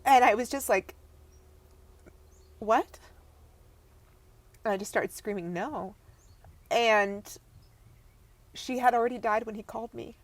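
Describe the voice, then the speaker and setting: A young adult woman, a podcast guest, telling a painful personal story in a halting way, often breaking off and dropping her voice low. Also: steady tone, no room sound. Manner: halting, breaks off and restarts, voice drops to near whisper at times.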